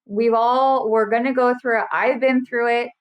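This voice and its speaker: Higher-voiced earnest woman guest. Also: moderate pace, highs cut off. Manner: earnest, animated, acts out quotes. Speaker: burnout specialist guest. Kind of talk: casual interview chat.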